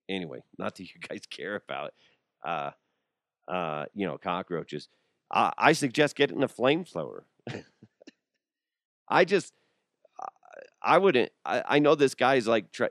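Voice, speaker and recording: This podcast host, a Coloradan in his thirties, runs a casual solo show where he rambles, cracks jokes and starts over mid-thought, his voice worn from illness. His voice is deep, and the recording is clean studio audio with no echo.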